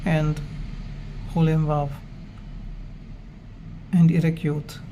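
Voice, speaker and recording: A man teaching Hebrew grammar in a slow, measured way, explaining step by step with pauses. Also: a little high, completely flat delivery, dark tone, slight background noise. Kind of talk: slow, methodical grammar lesson.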